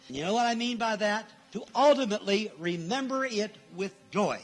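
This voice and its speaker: A man with a high voice preaches a sermon to his congregation. He drives his points home by repeating key phrases and briefly acting out the people he quotes. Faint music sits under his voice. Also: lively intonation, normal speed, few pauses. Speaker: minister. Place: church.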